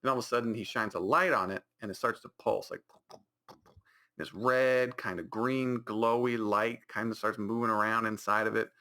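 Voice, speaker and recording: Gravelly bright-voiced guy on his podcast, rambling and mocking a dumb movie, keeps restarting. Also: lowish voice, fairly even intonation, moderate pace. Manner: rambling and mocking, with many restarts and exaggerated quoted reactions. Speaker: podcast host. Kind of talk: casual podcast movie recap.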